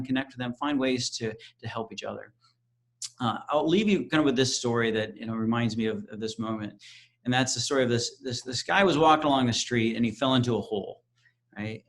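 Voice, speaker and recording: A man moderating a webinar over a video call, wrapping up with informal, halting remarks full of fillers and restarts. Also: medium pitch, a bit bright, low-quality recording. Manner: informal, hesitant with fillers and repeated words. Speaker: event moderator.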